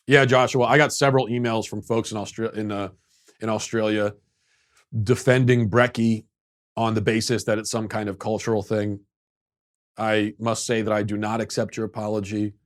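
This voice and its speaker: A man hosting a talk show, reading listener emails and answering with mock-outraged, sarcastic rants that swing between deadpan and raised voice. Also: mid-range voice. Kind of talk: mock-outraged comedic rant.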